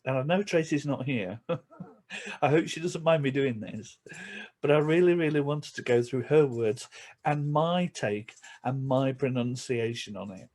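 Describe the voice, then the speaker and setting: Yorkshire bloke vlogging, casual chatty tone, laughs between bits, normal mid voice. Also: male voice, medium pitch, a little mellow. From England. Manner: chatty, chuckles between remarks, breaks into quick asides. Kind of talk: casual chat to camera.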